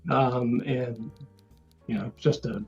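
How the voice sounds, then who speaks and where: A man's voice: mid-range voice, steady tone, takes it slowly, creaky, a little mellow, highs cut off, faint music behind. A man from Georgia calling in to a show, telling about his client calls in an easygoing, plain way. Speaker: caller, loan officer. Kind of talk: casual call-in chat.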